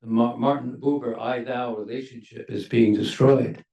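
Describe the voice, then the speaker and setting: An older man, a former ambassador, speaking on a university panel in a measured, emphatic way that leans on key words. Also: medium pitch, fairly even intonation, warm tone, dull audio. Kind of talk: panel discussion remarks. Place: university lecture hall. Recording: echoey hall, mic at a distance.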